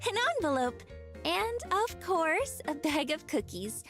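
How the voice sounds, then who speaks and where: A woman's voice: sits high, big pitch swings, measured pace, a bit bright, soft background music, exaggerated voice. A woman voicing a cheerful young female florist shopkeeper in a video game, talking sweetly to a dog. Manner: bubbly, talks sweetly to a dog. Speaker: game character. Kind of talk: voiced video game dialogue.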